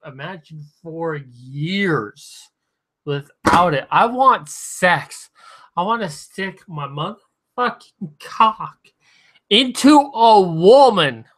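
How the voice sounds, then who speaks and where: A drunk man talking to his stream viewers with slurred, halting speech, sometimes very soft. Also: a little high. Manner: talks softly at times. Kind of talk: drunken livestream monologue.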